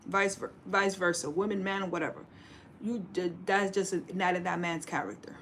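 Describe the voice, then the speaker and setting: A little hiss or hum accompanies this livestream host, a woman in her forties. Her voice is lowish, steady, and fairly bright at a normal speed as she preaches sassy relationship advice in casual chat, calling every viewer "baby."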